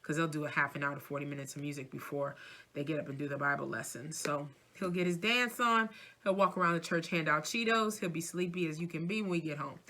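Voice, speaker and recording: Bright, chatty New York-born woman. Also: deep voice, fast. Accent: mixed New York, Midwest, Southern and Louisiana. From New York City. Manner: chatty and animated, laughing easily. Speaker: vlogger and minister. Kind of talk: casual planner flip-through chat.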